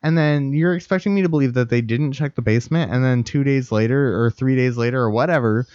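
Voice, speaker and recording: A man's voice: mid-range voice, fast, darkish tone, dry recording. A man co-hosting a podcast in casual chat, emphatic and incredulous, swearing often. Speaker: podcast co-host. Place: studio. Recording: dry, muffled lo-fi audio.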